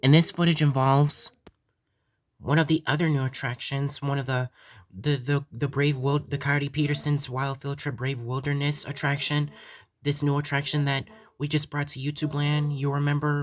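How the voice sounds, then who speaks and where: The host of a fan-made theme park channel speaks at normal speed in a slightly high voice with little pitch movement. His earnest vlog-style talk is repetitive and full of stumbling restarts.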